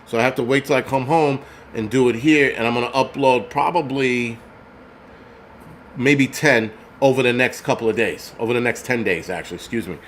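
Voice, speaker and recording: A man's voice: medium pitch, normal speed, slight background noise. A man vlogging, delivering an angry, profane, rambling rant to his viewers. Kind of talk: casual rant to camera.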